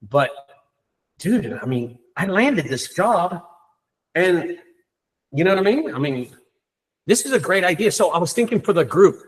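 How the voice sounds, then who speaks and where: Man, excited rambling, lively pitch, slightly high voice, online meeting. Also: a little slow, pauses often. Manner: excited, rambling, many fillers. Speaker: business owner hosting a group meeting. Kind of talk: casual group meeting talk.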